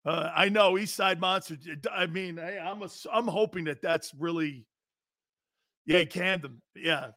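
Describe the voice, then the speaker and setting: Man, sports talk host, loud, brash, joking, high voice, unhurried delivery. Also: no echo, clean studio sound. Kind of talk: live sports talk show.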